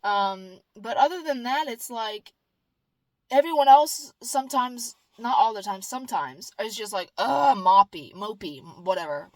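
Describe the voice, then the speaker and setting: A woman's voice: fairly high pitch, a little slow, darkish tone, no room sound. Woman, vlogger, rambling upbeat talk, fillers and restarts, dry close sound. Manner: upbeat and earnest. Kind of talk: casual chat.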